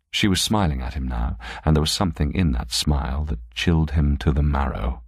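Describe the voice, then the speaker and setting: Very deep, husky male storyteller. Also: moderate pace, few pauses, dry recording, clean studio sound. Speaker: audiobook narrator. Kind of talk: scripted story narration.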